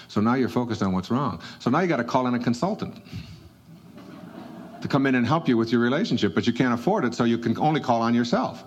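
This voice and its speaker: A man's voice: mid-range voice, expressive, fast talker, lo-fi sound. A man giving a motivational talk in a conversational, emphatic way, chuckling between points. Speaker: motivational speaker.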